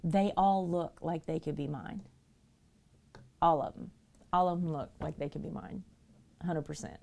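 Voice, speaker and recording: A woman's voice: sits low, normal speed, creaky, darkish tone, slight background noise. A middle-aged woman casually telling stories to her livestream viewers, chatty and laughing often. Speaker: livestream painter.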